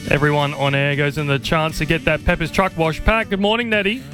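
A man's voice: on the high side, steady tone, brisk, music in the background. A young man hosting a breakfast radio show in an upbeat, chatty way. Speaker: radio host.

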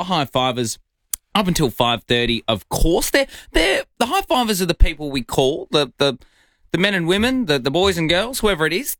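A man's voice: high-pitched, a bit bright, no room sound. A man co-hosting a breakfast radio show, playful and teasing, given to mock indignation. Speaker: radio co-host. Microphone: studio microphone.

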